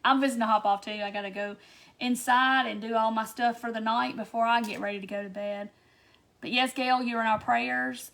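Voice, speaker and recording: Lady chatting thru a craft livestream, bit high voiced, talks back to viewer comments. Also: fairly bright tone. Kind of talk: casual livestream craft tutorial.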